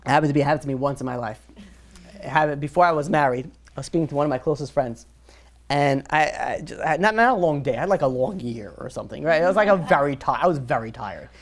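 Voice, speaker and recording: A man who is a rabbi, telling a story in a lively sermon to a group, full of "you know" fillers and restarts. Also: fairly high pitch, fast talker.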